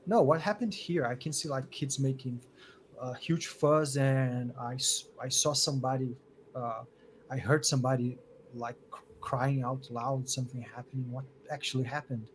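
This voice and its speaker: A man voicing a calm adult man at a camp who slowly asks what happened. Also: mid-range voice, a little hiss or hum, natural voice. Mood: questioning.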